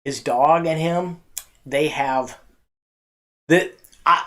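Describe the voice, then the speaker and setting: A slow, unhurried man hosts a church comedy night. He tells corny jokes to the camera in a halting way, full of fillers and restarts, and seems unsure of his own punchlines. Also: on the high side, fairly even intonation, a bit bright. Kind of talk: casual joke telling to camera.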